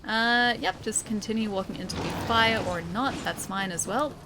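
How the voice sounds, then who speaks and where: A woman's voice: medium pitch, normal speed, music in the background. A woman streaming a game live, chatting playfully with her viewers and joking as she plays. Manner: playful, chatty, jokey asides.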